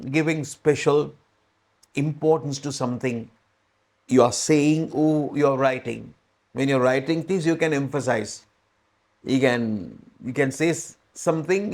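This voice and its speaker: A man with a Sri Lankan English accent talks learners through an English lesson at a mid pitch. He goes slowly and patiently, repeats key phrases and stops to check that they have understood. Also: darkish tone. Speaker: English teacher.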